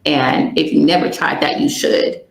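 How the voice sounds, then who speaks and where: A young woman with a lowish voice speaks as an interview guest, telling a personal story in a candid, rambling way. Her voice rings in a roomy, echoey space. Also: fairly even intonation, moderate pace, vocal fry.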